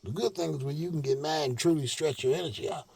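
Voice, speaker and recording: A man giving a preachy monologue to his followers, animated and full of slang, swinging from shouts to low mutters. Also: fast, gravelly. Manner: streetwise slang with cursing. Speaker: online speaker addressing followers.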